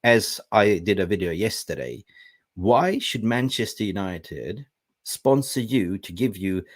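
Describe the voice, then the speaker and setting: Man, young adult, low voice, blunt livestream host in a dry-sounding room. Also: measured pace, no room sound. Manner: blunt, animated, talks to viewers. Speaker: football channel host. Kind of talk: casual livestream chat.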